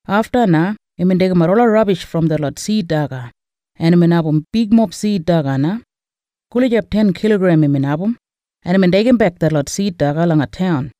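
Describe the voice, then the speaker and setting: A man with an Australian Kriol accent narrating a Bible story in measured storytelling. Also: high-pitched, mellow, no room sound.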